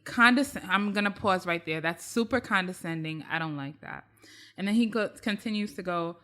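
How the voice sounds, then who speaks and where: A woman's voice: on the low side, moderate pace. A woman co-hosting a podcast, chatting casually and emphatically about pop-culture news. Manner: animated, emphatic, repeats phrases for emphasis. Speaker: podcast co-host.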